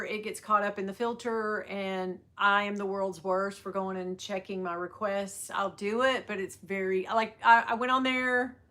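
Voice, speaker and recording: A middle-aged woman hosts a livestream selling bags from a sales floor at work, chatting casually, rambling and greeting viewers by name. Her mid-pitched voice sounds pushed and bright.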